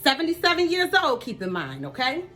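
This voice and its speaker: A woman vlogger telling a family story in an animated, chatty way, talking straight to her viewers. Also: high-pitched, fairly quick, faint music behind. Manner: lively, addresses viewers directly.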